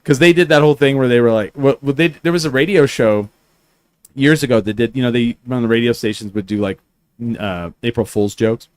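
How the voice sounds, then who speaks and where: A man's voice: medium pitch, brisk, darkish tone, clear, resonant tone, no room sound. A male podcast host tells loose, meandering stories and swears freely as he goes. His voice sits in an ordinary middle register. The sound is dry and close, with no room around it. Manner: rambling, swearing storyteller. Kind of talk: casual chat.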